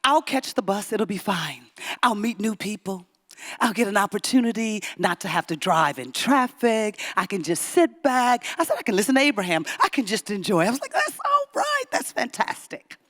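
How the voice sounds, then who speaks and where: Woman preacher, lively storyteller, pitch swings wide as she acts out each voice in the story. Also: normal speed. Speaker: guest speaker. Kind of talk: Sunday sermon with storytelling.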